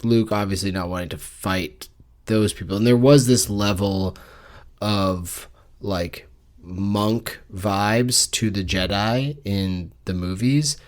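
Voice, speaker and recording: A man with a somewhat low voice chats about a book on a podcast. He jokes in a deadpan tone and slips into mock business-speak. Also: slow. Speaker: podcast co-host. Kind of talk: casual book discussion.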